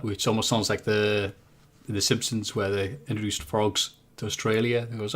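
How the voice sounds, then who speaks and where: A man with a British accent, a podcast guest talking music in casual chat, jokey and animated as he tells his take. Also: on the low side, a little slow.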